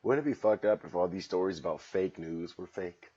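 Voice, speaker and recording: A man hosting a rambling solo comedy podcast, profane and sarcastic, just woken up and yawning, swinging between loud bursts and mumbles. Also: sits low, a little fast, slightly rough, highs cut off. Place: at home.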